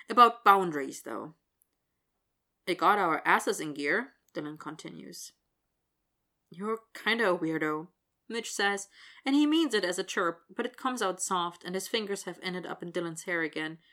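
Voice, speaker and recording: A woman reading fiction aloud in an even, expressive storytelling style. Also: lowish voice. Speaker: narrator.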